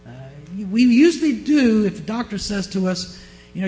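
A man with a Southern US accent preaching a sermon, often asking his listeners questions and shifting his pace and loudness. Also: sits high, expressive, moderate pace, faint music behind. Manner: asks the congregation questions, varies pace and loudness. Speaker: pastor.

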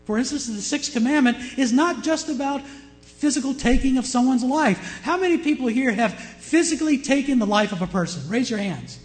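A male pastor preaching a sermon with passion, swinging from loud declarations to hushed words. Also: very high-pitched, expressive, a little fast, poor audio.

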